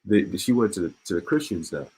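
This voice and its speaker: A low-pitched man reads the news aloud in a casual way and comments between the lines. His voice is husky. He repeats words and breaks off with short laughs. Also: animated, fast talker, darkish tone, poor audio. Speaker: online commentator.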